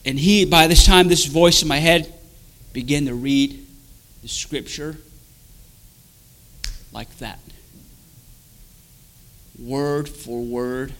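A man giving an emotional personal testimony to a pastor in church, halting and stammering, repeating himself and swinging between hushed and urgent. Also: a little high, poor audio.

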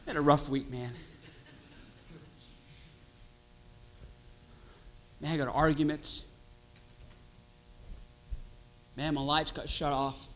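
A man's voice: on the high side, steady tone, fairly quick, fairly bright tone, voice pushed down, close to an everyday voice. Man putting on a mumbling, defeated churchgoer. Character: weary broke churchgoer, middle-aged man, downcast.

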